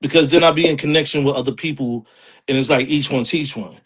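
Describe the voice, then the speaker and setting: A man's voice: mid-range voice, quick pace, breathy edge. A man with a New York accent, a poet, talking casually in an interview with lots of streetwise slang and laughter. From Harlem, New York.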